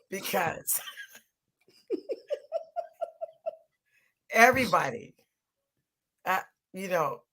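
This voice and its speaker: A woman's voice: medium pitch, big pitch swings, drawn-out words, pauses often, fairly bright tone, slightly rough. A middle-aged woman co-hosting a podcast in casual chat, laughing often and repeating herself for emphasis. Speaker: podcast co-host.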